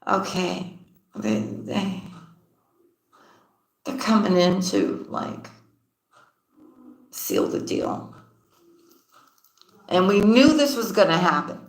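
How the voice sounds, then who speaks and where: A woman's voice: mid-range voice, big pitch swings, extremely slow, long pauses. A woman giving a casual tarot reading, laughing often and repeating her phrases. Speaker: tarot card reader. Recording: roomy echoey room.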